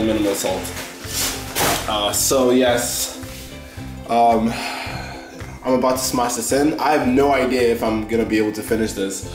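A man talking casually to camera in a vlog, hesitating often with ums and restarts, and later filming in his kitchen. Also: mid-range voice. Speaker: vlogger. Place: home kitchen. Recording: roomy kitchen with guitar music behind.

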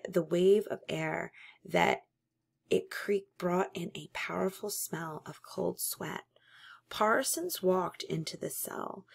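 A woman reading a novel aloud in a measured, steady narration. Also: low voice, vocal fry. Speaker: audiobook reader.

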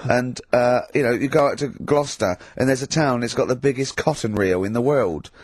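A man with a mid-pitched voice talks in a dry, close studio sound. He jokes and teases with opinionated, chatty banter on a radio show. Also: fairly quick, dry recording. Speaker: radio host. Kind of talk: casual radio chat.

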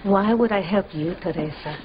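A woman's voice: lowish voice, moderate pace, slight background noise, natural voice. An actress playing a cold, contemptuous woman villain in a soap opera. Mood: scornful. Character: scornful vengeful woman villain. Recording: dull broadcast sound with music.

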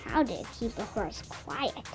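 A woman's voice: on the high side, sing-song, a little slow, faint music behind. A woman reading the lines of an anxious young boy in a storybook. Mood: worried.

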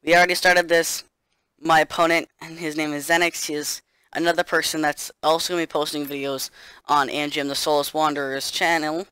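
A man talking through a strategy game he is playing, in a flat, monotone delivery with dry sarcasm. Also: a little high, brisk, clear, resonant tone, no echo. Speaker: gaming YouTuber. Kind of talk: casual gameplay commentary.

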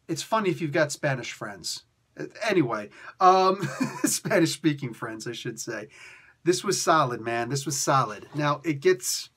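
A man with a husky, somewhat raised voice talks through a comic book review. He rambles and restarts his sentences, and his delivery stays lively and chatty the whole way. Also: a little high, unhurried. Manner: animated, rambling, frequent fillers and restarts. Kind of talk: casual video review.

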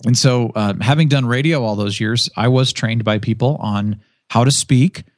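A man's voice: mid-range voice, normal speed, dry recording, clean studio sound. A man who once worked as a radio DJ, talking casually as a podcast guest and acting out the voices in his stories. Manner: animated storyteller who acts out quoted voices.

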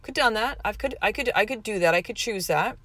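A woman's voice: medium pitch, fast, a bit bright, no room sound. A woman hosting her own podcast, telling a family story in a candid, chatty way with many fillers. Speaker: podcast host and mother. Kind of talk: casual podcast monologue.

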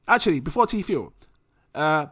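A young man with an English accent rambles excitedly through a casual screen-share commentary as a crypto vlogger, laughing at himself. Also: a little high, normal speed, breathy edge, no room sound, clean studio sound. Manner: excitable, giggly, rambling, self-mocking.

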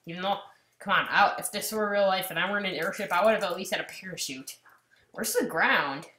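A woman giving casual gameplay commentary, swinging between loud outbursts and muttered asides. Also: medium pitch, fairly even intonation, fast talker, reverberant. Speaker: gamer commentator.

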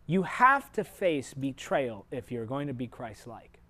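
A man preaching a televised sermon, speaking to viewers directly and personally, moving from loud emphatic points to quiet, confiding asides. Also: mid-range voice, sing-song, a little slow. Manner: earnest, shifts sharply between loud emphasis and quiet asides.

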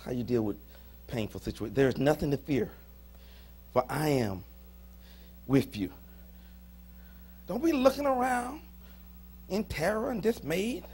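A man preaching a sermon as pastor, folksy and joking with the congregation, swinging between soft asides and sudden shouts. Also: fairly high pitch, lively intonation, measured pace, pauses often, husky. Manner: folksy, humorous, talks to the congregation. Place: church sanctuary.

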